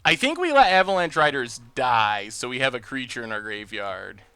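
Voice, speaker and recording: A man hosting a live game stream, thinking out loud about his plays and bursting into loud cheers when things go his way. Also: medium pitch, big pitch swings, moderate pace, clean tone, no echo. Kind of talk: live gameplay commentary.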